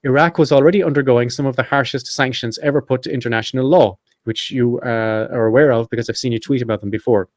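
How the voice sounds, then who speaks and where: A man hosting a podcast, reading a prepared script quickly with chatty asides and self-corrections. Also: mid-range voice, no room sound, studio quality. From Ireland. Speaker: podcast host.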